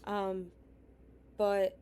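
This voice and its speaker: A woman's voice: medium pitch, completely flat delivery, drawn-out words, dark tone, clear, resonant tone. A woman hosting a reaction commentary, sarcastic and scolding, often dropping to a near whisper. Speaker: commentary host.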